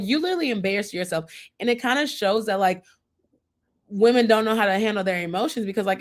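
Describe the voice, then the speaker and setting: Chatty woman hosting a TV recap. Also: medium pitch. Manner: chatty and opinionated, acts out quotes from the show. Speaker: host. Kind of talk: casual TV recap chat.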